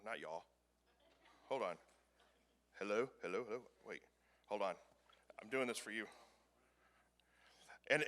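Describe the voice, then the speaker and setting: Low-voiced man giving a talk. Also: bright, forceful tone. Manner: casual, rambling, self-deprecating. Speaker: conference speaker. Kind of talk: conference presentation. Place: conference room.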